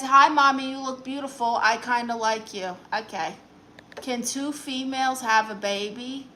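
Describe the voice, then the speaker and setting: Bright, brassy Brooklyn woman. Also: fairly high pitch, fairly even intonation, unhurried. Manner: brassy, sassy, teasing banter. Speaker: comedian reading live chat comments. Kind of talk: live-stream chat in a sassy aunt persona.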